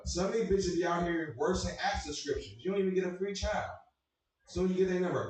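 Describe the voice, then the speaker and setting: A man's voice: high-pitched, animated, fast talker, a little mellow. A young man doing a loose, profane stand-up set and riffing with the crowd at a small comedy venue. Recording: very echoey room, mic far off.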